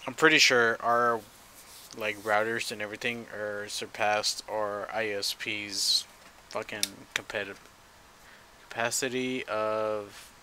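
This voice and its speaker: A man's voice: on the low side, steady tone, a little slow, bright, forceful tone, slight background noise, poor audio. A tipsy man chatting loosely while soldering, swearing now and then. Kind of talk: casual chat while soldering.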